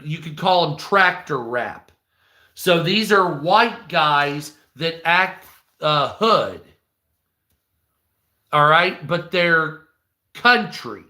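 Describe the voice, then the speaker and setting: A man's voice: fairly high pitch, pushed and bright. Profane ranting man, echoey room. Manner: profane, rambling, mocking. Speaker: live stream news host. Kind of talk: ranting live stream commentary.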